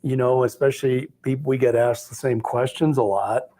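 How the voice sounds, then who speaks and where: A man with long sales experience speaking in a calm, relaxed, even-keeled way. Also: mid-range voice, normal speed. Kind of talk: casual chat.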